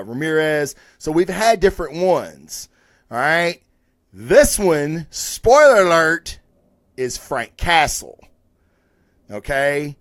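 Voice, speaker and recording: Excitable man hyping comics, dry sound. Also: on the high side, dry recording. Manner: excited, swears freely, hypes the books. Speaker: comic book reviewer. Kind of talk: casual comic review vlog.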